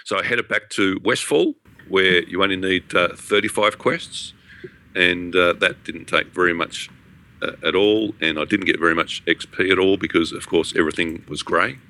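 A man's voice: sits low, normal speed, bright, forceful tone. A man co-hosting a gaming podcast, talking in a rambling casual way with many restarts and fillers. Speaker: podcast co-host.

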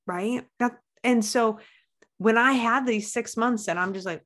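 A woman's voice: fairly high pitch, unhurried, a bit bright. A woman, a life coach, talking candidly as a podcast guest, blunt and swearing, with bursts of feeling. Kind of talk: candid interview talk.

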